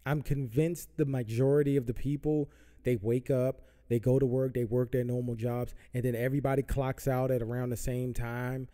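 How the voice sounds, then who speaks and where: A man's voice: mid-range voice, little pitch movement, normal speed, dark tone. A man hosting a podcast, ranting heatedly about politics with lots of profanity and repetition. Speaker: podcast host. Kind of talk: political rant. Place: Southern California.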